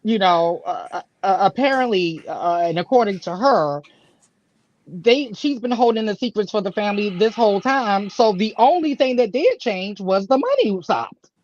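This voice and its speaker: A woman's voice: mid-range voice, expressive, moderate pace, darkish tone. A woman giving blunt, sarcastic commentary as a panelist in a casual chat. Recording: dry, dull lo-fi sound.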